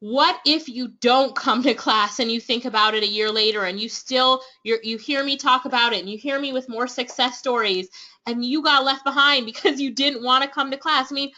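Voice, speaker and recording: A Jamaican woman runs an online class webinar with eager, persuasive energy. Her voice sits high and bright. The sound is dull and lo-fi, like a webinar stream. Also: normal speed. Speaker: online business trainer hosting a webinar. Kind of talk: upbeat sales pitch to webinar attendees.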